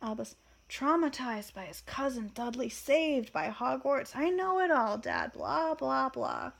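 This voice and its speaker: A woman's voice: high-pitched, wildly swooping pitch, a little slow, gravelly, a bit bright, exaggerated voice. A woman reading as a sarcastic teenage boy wizard. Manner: sarcastic, mocking.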